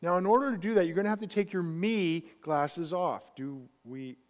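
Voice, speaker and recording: A man preaching a sermon as pastor, emphatic, swinging between quiet and loud passages. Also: high-pitched, normal speed, big-room sound.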